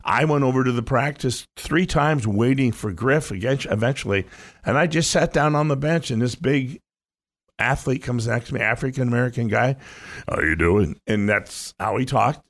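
A man's voice: medium pitch, moderate pace. Rambling older-sounding man reminiscing. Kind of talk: casual sports chat.

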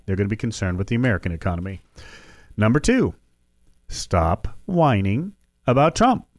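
A man hosting a political talk show, giving animated, opinionated commentary and mocking his opponents. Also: medium pitch, dry recording, studio quality.

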